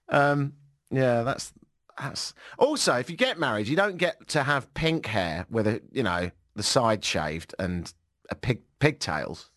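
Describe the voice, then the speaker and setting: A man's voice: medium pitch, very animated, slow pace, fairly bright tone, no room sound. A man hosting a radio chat show, wry and sarcastic. His voice rises and falls a lot, and the dry studio sound keeps him close.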